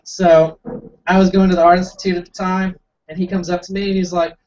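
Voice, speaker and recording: A man's voice: sits high, little pitch movement, fast, darkish tone. A young man doing stand-up storytelling in a small coffee house, rambling and self-mocking, acting out the quotes. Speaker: stand-up comic. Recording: distant, dull lo-fi room recording.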